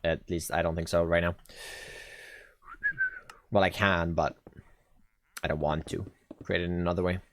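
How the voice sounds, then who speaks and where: A man with a Swedish accent streaming live, thinking out loud as he builds and chatting easily with his viewers. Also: low voice, level tone, normal speed, long pauses, slight background noise. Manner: thinks aloud, chatty, reads chat and answers viewers. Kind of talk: casual live-stream chat while building.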